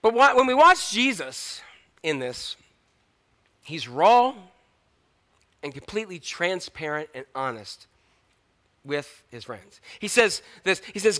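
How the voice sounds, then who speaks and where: Bright-voiced man preaching a sermon. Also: sits high, big pitch swings. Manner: preaching, with dramatic slow emphasis and acted quotes. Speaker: pastor.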